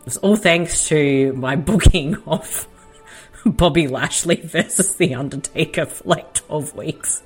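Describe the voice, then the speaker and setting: A man's voice: on the high side, takes it slowly, slightly rough, faint music behind. A laid-back man co-hosting a casual movie-watching commentary, rambling and making crude jokes. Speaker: co-host.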